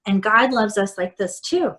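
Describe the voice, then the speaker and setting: A woman reading a gentle, loving storybook dad. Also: mid-range voice, normal speed, natural voice. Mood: reassuring. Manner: soft, reassuring. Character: gentle loving father reassuring his daughter.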